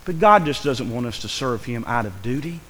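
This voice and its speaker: Earnest preacher in a reverberant church. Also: male voice, medium pitch, expressive, a little fast, fairly bright tone. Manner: earnest, pleading, rising with emotion. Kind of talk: sermon. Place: church sanctuary.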